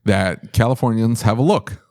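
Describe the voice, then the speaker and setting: A man's voice: on the low side, normal speed, a little mellow, no room sound. A man hosting a podcast, teasing his co-host and giving blunt, direct business advice. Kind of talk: casual podcast chat.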